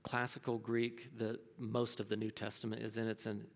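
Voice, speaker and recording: A man's voice: on the low side, completely flat delivery, moderate pace, creaky, long reverb tail. A man teaching a class, answering a student's question, thinking aloud with many restarts and fillers.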